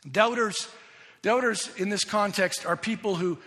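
A man with a high voice delivers a sermon, earnest and emphatic, stumbling over and repeating words as he builds his point. His voice rings with the long reverb of a big hall. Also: expressive, moderate pace, fairly bright tone. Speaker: pastor.

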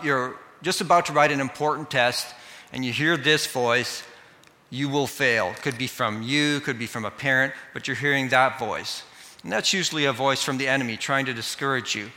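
Bright-voiced male pastor in a reverberant hall. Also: mid-range voice. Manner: earnest, addresses children directly. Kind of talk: sermon.

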